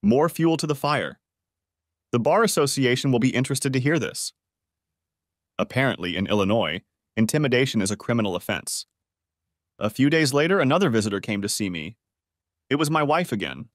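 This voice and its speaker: A man narrating a first-person revenge story with a wry, expressive delivery. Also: medium pitch, brisk, pauses often, no room sound, studio quality.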